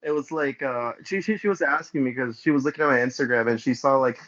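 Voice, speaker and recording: A man's voice: mid-range voice, fast, fairly bright tone, lo-fi sound. A young man on a podcast telling a rambling story, full of restarts and fillers. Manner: rambling, many restarts and likes. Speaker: podcast co-host. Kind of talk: casual storytelling.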